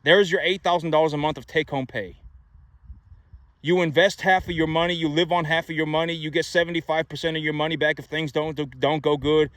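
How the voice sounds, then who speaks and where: A man's voice: a little high, fairly even intonation, brisk, a bit bright, no room sound. A man giving money advice in a casual, emphatic monologue, repeating himself and asking rhetorical questions. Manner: repetitive, emphatic, many rhetorical "right?" asides.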